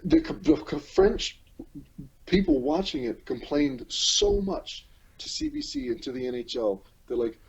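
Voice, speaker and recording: A man's voice: fairly high pitch, huge pitch swings, a little slow, creaky, slightly rough. A tired man from Canada, talking bluntly and profanely as a podcast guest over the phone. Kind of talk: casual ranting chat. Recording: muffled phone line.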